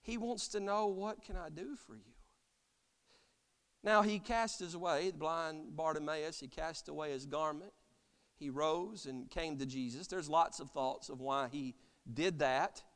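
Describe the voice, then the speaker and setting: A man's voice: on the high side, measured pace, smooth. Fiery preaching man in a reverberant church. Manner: impassioned preaching, rising to loud cries then dropping soft. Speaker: pastor. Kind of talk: sermon. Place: church sanctuary.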